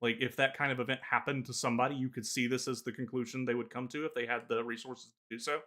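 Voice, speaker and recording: Halting man chatting on a podcast. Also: medium pitch, steady tone, sharp tone. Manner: halting, many filler pauses. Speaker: podcast co-host. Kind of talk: casual gaming podcast chat.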